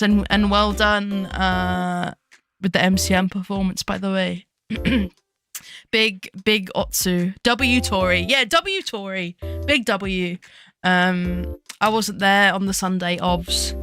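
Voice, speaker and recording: A young woman chatting casually on a live stream, rambling from topic to topic, giggling often and greeting her chat excitedly. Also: mid-range voice. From United Kingdom. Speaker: VTuber streamer.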